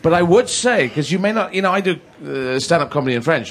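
A man's voice: fairly high pitch, animated, fast, fairly bright tone. A British man, a stand-up comedian, chatting casually in a rambling, jokey way with many fillers. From Britain. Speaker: comedian guest. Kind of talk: casual comic chat.

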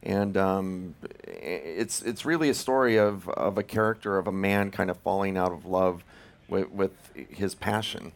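A man being interviewed as a film director, talking hesitantly with many pauses and restarts. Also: sits low. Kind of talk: casual interview.

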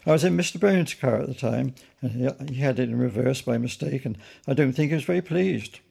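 Man doing a storybook bear, male, young, earnest, literal-minded, gravelly, husky. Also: mid-range voice, animated, fairly quick, a little mellow, full character voice.

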